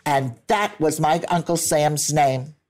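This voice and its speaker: A woman's voice: sits low, slow pace. Older woman spinning a family story. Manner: lively storyteller who laughs easily and acts out quotes. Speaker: grandmother interviewed by her grandson.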